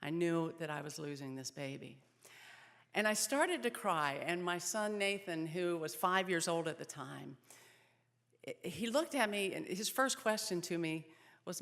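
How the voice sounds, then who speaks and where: A woman in her thirties speaks at an event, telling her own story with earnest feeling. Her voice sits low with some vocal fry. The hall around her gives it a long echo. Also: lively intonation, moderate pace. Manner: earnest storytelling, softening in sad moments. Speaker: speaker at a pregnancy center event. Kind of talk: personal testimony speech.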